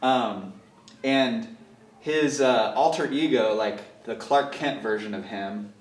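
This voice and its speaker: A man's voice: mid-range voice, slow. Guy telling goofy stories, laughs a lot, echoey room, sitting back from the mic. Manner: storytelling, animated, laughs often. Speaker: guest. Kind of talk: casual chat. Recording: roomy, from a distance.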